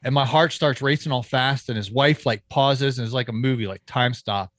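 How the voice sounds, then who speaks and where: On a podcast, a landscaping business owner tells a story in a casual interview, animated and acting out the voices of the people he quotes. He restarts his sentences often. His mid-range voice moves at a normal pace, recorded dry with clean studio sound.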